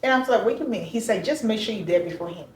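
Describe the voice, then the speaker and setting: A woman telling a personal story as an interview guest, animated and acting out the voices she quotes. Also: medium pitch, very fast, slight background noise. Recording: echoey room, far from mic.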